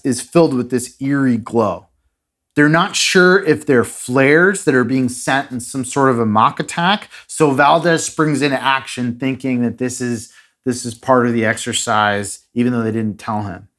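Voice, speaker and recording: A man hosting a podcast, casually retelling a strange story with dramatic pauses and a few fillers. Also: mid-range voice, fairly bright tone. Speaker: podcast host.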